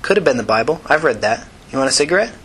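A man reading a story, voicing a calm, shrewd young woman who sells poison, in a smooth, rich voice. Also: medium pitch, a little hiss or hum, pitched above the performer's own voice, rough recording. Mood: wry. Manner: unhurried, wry.

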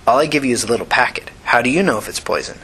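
A man reading a story, voicing a calm, shrewd young woman who sells poison, in a smooth, rich voice. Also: medium pitch, full character voice, low-quality recording. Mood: wry. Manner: unhurried, wry.

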